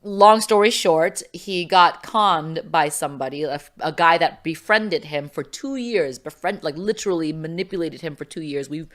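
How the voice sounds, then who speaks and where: A middle-aged woman guests on a podcast, telling a personal story casually in a low-pitched voice at normal speed with hardly any pauses. She's animated, full of fillers, and acts out the voices she quotes.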